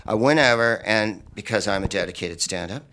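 Animated comedian spinning profane stories. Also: male voice, lowish voice, a little fast, slight background noise. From San Francisco Bay Area. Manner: animated, profane anecdotes that jump into acted quotes. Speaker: comedian guest. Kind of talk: casual storytelling.

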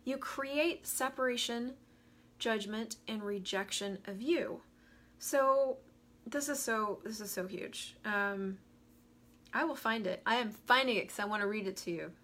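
A woman's voice: on the high side, unhurried, a bit bright. A woman hosting a live coaching stream, talking animatedly, laughing and greeting viewers as she goes. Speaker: host of a live money coaching show.

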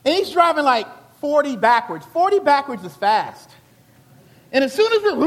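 Big-room sound surrounds a high-voiced pastor from Charleston, South Carolina, who speaks with a Southern accent at normal speed. His sermon unfolds as animated, colloquial storytelling.

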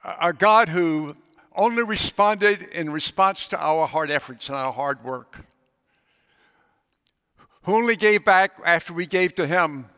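Bright-voiced preacher in a reverberant hall. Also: male voice, a little high, measured pace, clean tone. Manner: storytelling preacher voicing characters in quotes. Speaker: pastor. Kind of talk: sermon. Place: church sanctuary. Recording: long reverb of a large hall.

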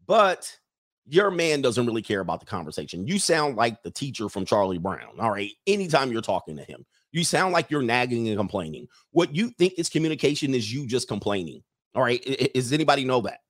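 A man lecturing bluntly as a relationship coach on a live-streamed show. He jokes provocatively, jumping between loud bursts and low muttered asides. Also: no echo, clean studio sound.

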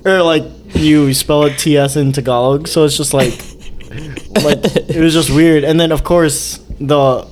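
Male podcast co-host, slightly high voice, rambling, giggly storyteller, faint room noise. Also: steady tone, measured pace. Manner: laughs through his stories, many fillers. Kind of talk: casual chat.

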